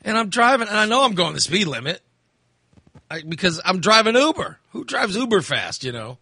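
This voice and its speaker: A man's voice: sits high, very animated, a little fast, pushed and bright, husky, no room sound. A man casually telling a long story in a chat, acting out the voices of people he met and swearing freely.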